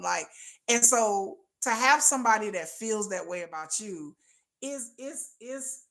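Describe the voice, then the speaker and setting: A middle-aged woman hosting a livestream, chatting casually and acting out quoted lines in a lowered voice. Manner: animated, acts out quotes in lowered voice. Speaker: livestream host. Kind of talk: casual storytelling chat.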